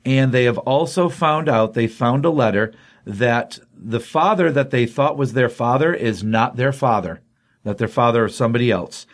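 A man's voice: medium pitch, moderate pace. Rambling, enthusiastic male comics host. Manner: rambling, enthusiastic, filler-heavy. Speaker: podcast co-host, comics reviewer. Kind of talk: casual chat, retelling a comic plot.

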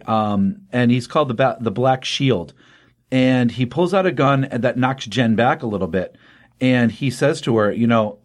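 A man casually retelling a comic book story, rambling with many ums and restarts and briefly acting out the characters' lines. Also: mid-range voice. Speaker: podcast host recapping a comic. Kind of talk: casual spoken recap.

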